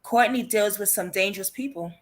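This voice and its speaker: A woman's voice: medium pitch, a little fast. A woman hosting a true crime interview over a call, often reacting with short exclamations. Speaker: true crime channel host.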